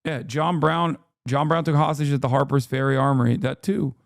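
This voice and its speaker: A man streaming live, ranting angrily and sarcastically with lots of swearing, his voice going hoarse. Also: medium pitch, flat delivery, moderate pace, no echo, clean studio sound. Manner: angry, swearing, sarcastic rants. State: losing his voice. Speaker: streamer reacting to a video. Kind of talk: heated livestream commentary.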